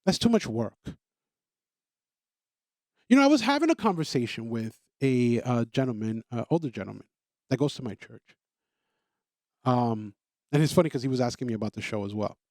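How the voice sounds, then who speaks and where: A man's voice: high voice, a little mellow, no echo, clean studio sound. A man hosting a talk show, delivering an opinionated monologue in an emphatic way, repeating himself and stammering on restarts. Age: adult parent. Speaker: podcast host.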